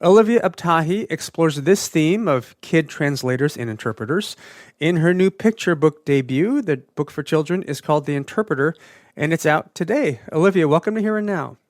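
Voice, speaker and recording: A man's voice: on the high side, animated, normal speed, dry recording, clean studio sound. Man interviewing on public radio.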